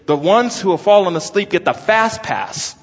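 A man's voice: sits high, animated, moderate pace. A man preaching an expository sermon, emphatic and exclaiming as he explains a text. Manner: emphatic, exclaims and stretches words. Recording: lo-fi with long hall reverb.

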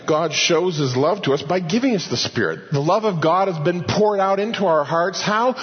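Pastor, male, slightly high voice, teaching a verse-by-verse sermon in a conversational way, long hall reverb, dull lo-fi sound. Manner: conversational, repeats phrases, asks and answers own questions. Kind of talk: expository sermon.

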